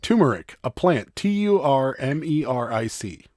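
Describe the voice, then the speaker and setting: Brief: male co-host, even mid pitch, dry close mic, rambling and teasing. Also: a little slow, no echo. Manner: rambling, filler-heavy, teasing. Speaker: co-host of a live reselling stream. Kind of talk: casual chat. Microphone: desk microphone.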